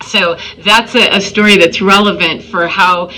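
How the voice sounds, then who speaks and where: Woman host, bright forceful voice, emphatic storyteller talking straight to camera, light noise under it. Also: mid-range voice, steady tone, normal speed, low-quality recording. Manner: emphatic, storytelling with acted-out quotes. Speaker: spiritual vlogger. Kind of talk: casual monologue.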